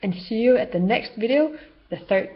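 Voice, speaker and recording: A woman's voice: on the high side, animated, normal speed. A woman vlogger talking unscripted to camera about spiritual healing, rambling and loosely structured. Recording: dull lo-fi home video sound.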